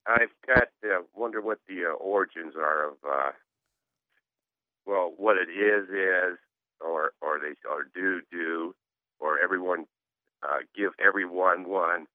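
A man calling a radio show, halting and stumbling over his words with many "uh"s. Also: deep voice, no room sound. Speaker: caller. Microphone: phone. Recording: narrow phone line.

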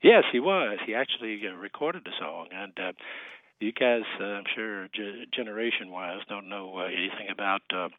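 A man's voice: lowish voice, expressive, normal speed, dry recording. An older man, a historian, speaking as a guest on a radio interview, hesitant with many fillers and restarts. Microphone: phone. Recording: tinny phone line.

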